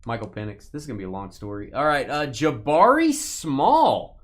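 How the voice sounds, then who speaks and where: चुलबुला आदमी, उतार-चढ़ाव भरी आवाज़ में. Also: male voice, medium pitch, sing-song, normal speed. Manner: joking, rattles off player names. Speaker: card break host. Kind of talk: casual live stream chat while opening card packs.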